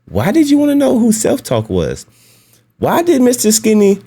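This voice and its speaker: A man's voice: medium pitch, darkish tone. A man hosting a casual commentary video, talking bluntly and mockingly, often breaking into laughs. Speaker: YouTube commentary host.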